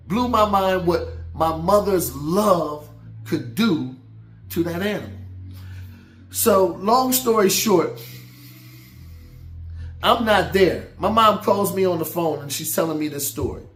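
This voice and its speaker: A man's voice: high voice, lively intonation, slow, pauses often, fairly bright tone. A man giving a motivational talk as a folksy, down-home storyteller who turns preachy. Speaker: motivational speaker. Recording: roomy echo with faint background music.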